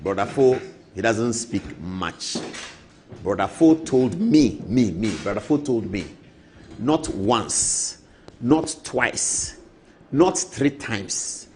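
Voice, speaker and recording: A man's voice: fairly low pitch, expressive, takes it slowly, a little mellow, a little hiss or hum. A man with a Ghanaian English accent hosting an evening TV show in a studio, chatting casually, mimicking other people and laughing often. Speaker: TV show host.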